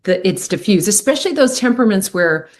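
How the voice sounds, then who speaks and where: A middle-aged woman talking on a podcast as a guest, earnest and animated. Her voice sits at an ordinary middle pitch. She slips into quoted voices, soft and low one moment, bright and lifted the next. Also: brisk. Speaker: podcast guest, medical intuitive. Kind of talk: reflective podcast conversation.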